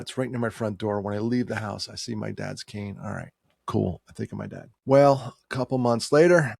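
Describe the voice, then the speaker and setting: A man in his sixties tells a personal story, heartfelt and conversational, pushing certain words with rising emphasis. His voice is gravelly with a husky edge, and the recording is dry and close. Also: on the low side, a little mellow, no echo. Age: 60s. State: tearing up.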